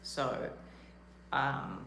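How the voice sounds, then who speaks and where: A woman's voice: very slow, fairly bright tone, slight background noise. Rambling New Zealand woman in a roomy space. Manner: rambling, self-deprecating, frequent "like" fillers. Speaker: livestreamer. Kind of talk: casual live-stream chat. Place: rented villa room, indoors.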